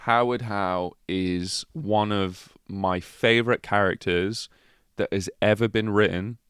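A man's voice: lowish voice, fairly even intonation, takes it slowly, a bit bright, smooth, no room sound, studio quality. A man co-hosting a podcast, in a casual film discussion, talking enthusiastically and swearing. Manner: enthusiastic, sweary, emphatic lists. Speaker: podcast co-host.

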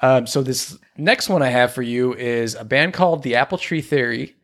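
A man hosting a podcast who introduces music clips in relaxed, chatty talk, often using likes and ums. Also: medium pitch, moderate pace. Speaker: podcast host. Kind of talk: casual chat presenting music clips.

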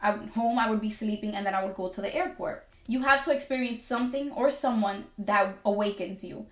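A young adult woman telling a personal story in an animated way, acting out her own inner dialogue and often laughing. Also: mid-range voice, a little fast. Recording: echoey room.

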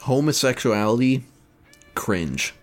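A man in a casual podcast chat over an online voice call, making edgy jokes in a deadpan way. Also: medium pitch, slow pace, slight background noise.

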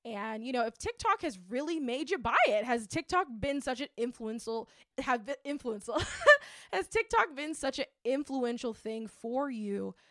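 A woman's voice: high-pitched, moderate pace, no echo. Chatty woman host, dry close sound. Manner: chatty and animated, many fillers. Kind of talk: casual monologue.

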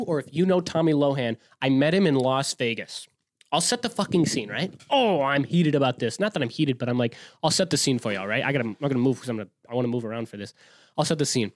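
A young man from Wisconsin, a show host, telling a story in an excitable, rambling, profane way with frequent restarts. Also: mid-range voice. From Wisconsin, US Midwest. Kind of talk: casual storytelling monologue.

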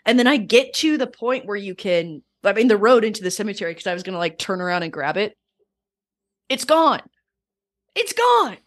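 A woman talking casually on a podcast, telling personal stories in a reflective, animated way with many fillers. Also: mid-range voice, quick pace, hardly any pauses, no room sound. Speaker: guest.

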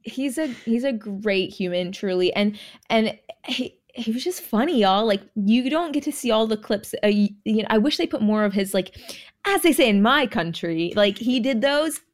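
A woman's voice: a little high, moderate pace, a little mellow. A young woman, a podcast guest, chatting casually in a bubbly, rambling way with frequent giggles. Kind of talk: casual chat.

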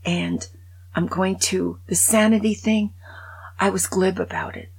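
A woman over sixty-five hosting her podcast, telling a long joke in a casual conversational way and dropping to a hushed voice for the sad parts. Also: medium pitch, huge pitch swings, a little slow, husky. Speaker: podcast host.

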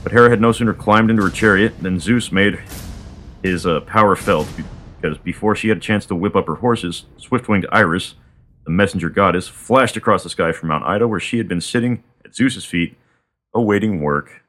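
A man's voice: on the low side, fairly quick, fairly bright tone. A man retelling a myth in a loose, casual style with irreverent asides. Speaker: storyteller.

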